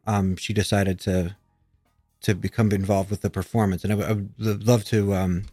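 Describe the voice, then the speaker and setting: A man's voice: on the low side, flat delivery, normal speed, dark tone, dry recording, faint music behind. A man from the United States, a musician guest in a casual interview, talking with many fillers and restarts.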